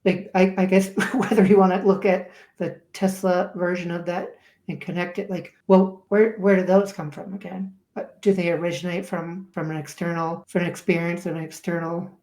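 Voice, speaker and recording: A woman with a somewhat low voice hosts a podcast interview. She works through her questions thoughtfully and repeats words as she goes. The room adds a noticeable echo. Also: little pitch movement, normal speed, a little mellow. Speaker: podcast host. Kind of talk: conversational interview. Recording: echoey room.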